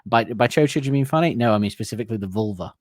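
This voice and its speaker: A man's voice: on the low side, racing. A man co-hosting a comedy podcast, laughing often and acting out silly cartoon voices as he picks apart song lyrics. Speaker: podcast co-host.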